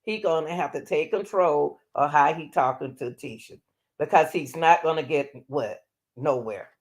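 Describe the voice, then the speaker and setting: A woman host talking casually and explaining step by step as she comments on a recorded call. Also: very deep voice.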